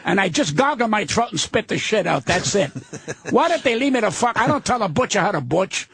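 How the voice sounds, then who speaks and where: An older man, a veteran comedian guest on a radio talk show, ranting in a profane, combative, gruff way. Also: high-pitched, sing-song, a little fast, fairly bright tone.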